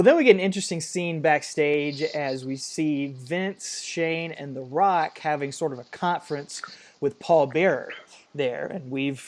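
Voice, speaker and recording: A man's voice: fairly high pitch, darkish tone. Laid-back man co-hosting a podcast. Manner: opinionated, laughs often. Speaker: podcast co-host. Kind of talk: casual chat.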